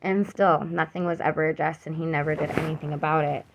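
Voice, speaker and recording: A young woman giving an unscripted personal account, earnest and troubled, halting with many fillers and restarts. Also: low voice, steady tone, background noise. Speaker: mother telling her own account.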